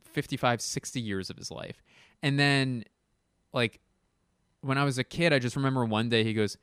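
Man, comedic podcast monologue, rambling, swearing, self-interrupting, middle-pitched, clean dry sound. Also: clean tone, dry recording. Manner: animated, jumps to sudden exclamations.

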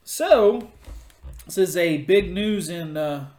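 A man's voice: high voice, lively intonation, slow, noisy background. Joking man in a roomy room. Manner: joking, crude banter. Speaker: podcast co-host. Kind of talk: casual chat watching wrestling. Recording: roomy echo.

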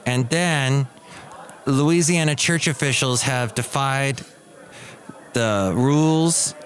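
A man hosting a casual solo podcast, talking in a chatty way with sarcastic asides and often mimicking other people in a high voice. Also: takes it slowly, fairly bright tone. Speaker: podcast host.

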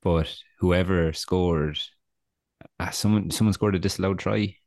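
Very low-voiced man, rambling. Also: steady tone, measured pace, darkish tone, no echo, clean studio sound. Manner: rambling, self-deprecating anecdotes with many fillers. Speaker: podcast co-host. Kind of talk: casual chat, storytelling.

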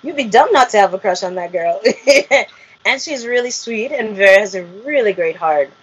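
A woman's voice: mid-range voice, lively intonation, normal speed, breathy edge. A woman, a reality show cast member, telling her story in an interview, acting out quotes and laughing often. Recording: muffled lo-fi audio.

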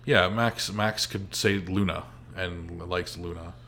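A man's voice: deep voice, steady tone, slow pace, a bit bright, a little hiss or hum. A man, chatting as a podcast guest in a joking, blunt way and swearing casually.

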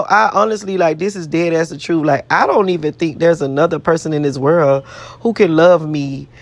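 A woman's voice: low-pitched, no echo. A woman vlogger rambling in a brash, profane, boastful way, repeating herself as she talks to her viewers. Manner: boastful, self-adoring. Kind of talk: casual self-talk to camera.

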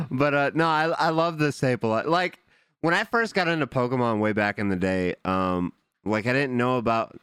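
A man's voice: mid-range voice, normal speed, fairly bright tone, clean tone, dry recording. Man, casual podcast co-host, slangy and jokey, laughs a lot, dry close sound.

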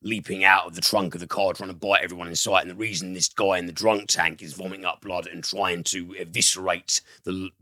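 A man's voice: sits low, sharp tone, dry recording, studio quality. A man hosting a casual film review podcast, enthusiastic, rambling and profane.

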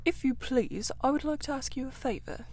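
A woman's voice: high-pitched, lively intonation, brisk, a little mellow. A woman reading as a polite, cautious mole. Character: mild, cautious, candid male mole.

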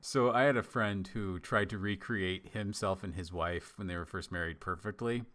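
A young man chatting casually on a comedic podcast, telling jokey stories in an animated way. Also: low voice. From United States. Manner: joking, animated storyteller.

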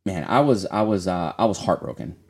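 A man's voice: sits low, expressive, brisk, creaky. A man co-hosting a casual gaming podcast, rambling with many fillers and restarts. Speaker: podcast co-host.

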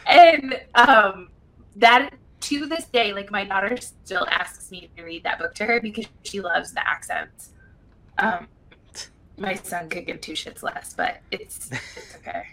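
A woman's voice: medium pitch, measured pace, a bit bright, slight background noise, low-quality recording. A middle-aged woman guest on a podcast, chatting casually in a brash, profane, giggly way. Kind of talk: casual chat.

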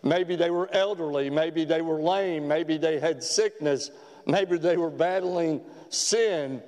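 A man preaching a sermon in a church, folksy and storytelling with gentle humor. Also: fairly high pitch, takes it slowly. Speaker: pastor. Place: church sanctuary. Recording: long church hall reverb.

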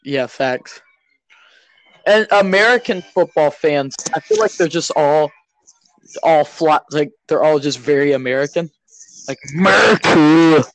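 A young man hosting a podcast, chatting casually and excitedly while coaching a friend through a video game. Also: a little high, measured pace, pauses often. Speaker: podcast host. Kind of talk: casual chat while gaming.

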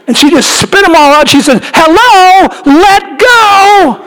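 A man preaching a sermon, telling stories with animated energy and rising into impassioned pleading. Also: high voice. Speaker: pastor. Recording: long hall reverb.

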